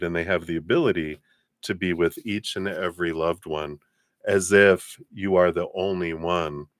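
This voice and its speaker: A man giving tarot readings on a live stream, relaxed and chatty, with many fillers and warm blessings to viewers. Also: sits low, dry recording. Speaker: tarot reader.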